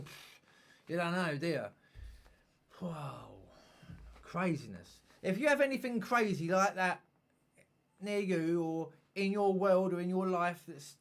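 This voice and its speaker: A man hosting a reaction video, talking casually with slang and swearing. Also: high voice.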